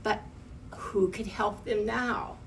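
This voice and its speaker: A storyteller with a steady, gravelly, mid-range voice reads a children's picture book aloud, unhurried, stopping to point at the pictures. She's recorded from some distance off the mic, and a faint hum runs underneath.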